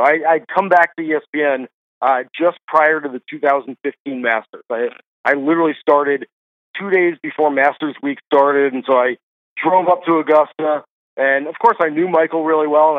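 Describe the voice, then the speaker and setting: A man with a fairly high voice tells stories chattily, stumbling and restarting as he goes. He comes through a dry, tinny phone line. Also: dry recording. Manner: chatty storyteller, quick restarts. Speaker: golf writer guest. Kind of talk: casual podcast interview chat.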